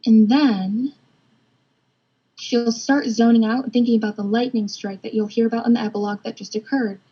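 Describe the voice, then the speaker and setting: A woman's voice: on the high side, fairly even intonation, normal speed, warm tone, breathy edge. A young woman presenting a storyboard casually, with many "kind of" and "like" fillers. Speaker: student presenter. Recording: dull lo-fi recording.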